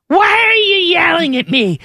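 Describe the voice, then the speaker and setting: A man putting on the voice of his complaining wife in a high, whiny falsetto. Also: big pitch swings, normal speed, sharp tone, dry recording, clean studio sound, full character voice. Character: nagging wife, middle-aged woman, always feels yelled at. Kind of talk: radio talk show bit.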